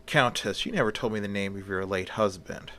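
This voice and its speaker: A polite gentleman doctor who stammers when cornered and turns stern when pushed, read by a man doing a homemade story. The voice sits fairly low, near the reader's own. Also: a little fast, a little hiss or hum. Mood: flustered doctor. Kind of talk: amateur story reading with voices.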